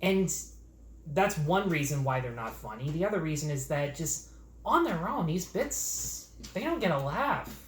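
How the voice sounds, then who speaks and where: A man's voice: a little high, big pitch swings, measured pace, a bit bright. A man co-hosting a show, chatting casually and rambling through opinionated points. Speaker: podcast co-host. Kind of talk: casual film chat. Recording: roomy echo, faint noise.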